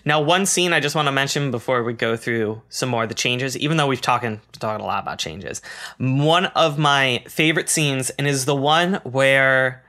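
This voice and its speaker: A man's voice: medium pitch, moderate pace, pushed and bright. A man co-hosting a casual film review chat, agreeable and enthusiastic. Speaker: podcast co-host.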